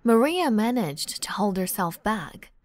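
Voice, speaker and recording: Female audiobook narrator, slow measured delivery, mid pitch, dry close mic. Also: big pitch swings, dry recording. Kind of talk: scripted narration.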